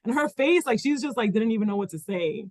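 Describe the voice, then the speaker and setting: A woman's voice: on the high side, expressive, fast talker, darkish tone, dry recording. Rambling woman podcast co-host, dry close mic. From Dominican Republic. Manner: rambling, many restarts and "like" fillers. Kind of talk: casual chat.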